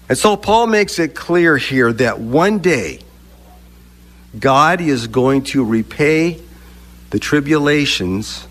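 Man, pastor, sermon, slow, deliberate, emphatic pauses. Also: medium pitch, a bit bright.

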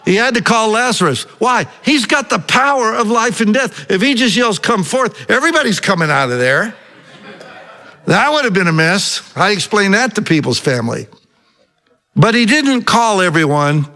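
Animated preaching man, fairly high voice. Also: moderate pace. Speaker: pastor. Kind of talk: sermon.

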